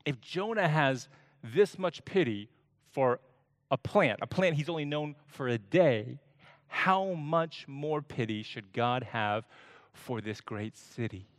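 A man's voice: mid-range voice, expressive, dry recording, studio quality. A man preaching a sermon to his church, explaining a scripture passage and acting out quoted lines with dramatic emphasis. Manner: slow, deliberate preaching with dramatic voiced quotes. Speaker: pastor.

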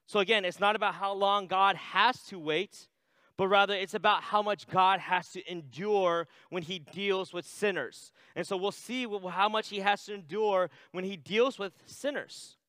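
High, clear-voiced man preaching. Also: normal speed, sharp tone, no echo. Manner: conversational, with many restarts and "right?" asides; reads scripture aloud. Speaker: pastor. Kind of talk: sermon.

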